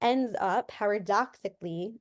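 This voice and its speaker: A woman speaks as a counseling guest in a relaxed interview, her voice sitting in an ordinary middle range. She explains ideas through examples and often repeats a word as she restarts. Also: mid-range voice, normal speed. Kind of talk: casual interview talk.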